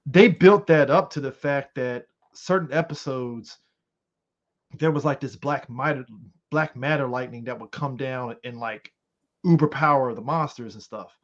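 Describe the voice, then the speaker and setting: A man co-hosting a podcast in casual chat, animated and profane, rambling with lots of fillers. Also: mid-range voice, unhurried. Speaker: podcast co-host. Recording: slightly muffled lo-fi audio.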